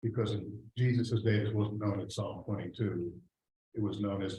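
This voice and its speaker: Male Sunday school teacher, lowish voice, casual lecturing, roomy echoey church room with light hiss. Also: fairly even intonation, normal speed, mellow. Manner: conversational, reads scripture aloud, trails off and restarts. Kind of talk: teaching a Bible class. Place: church classroom.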